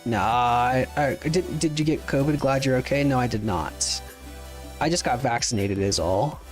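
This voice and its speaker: Chatting casually while playing a game on stream, a man rambles and swears as he takes viewer questions one by one. His medium-pitched voice is gravelly with lively intonation and a moderate pace. Faint music can be heard in the background.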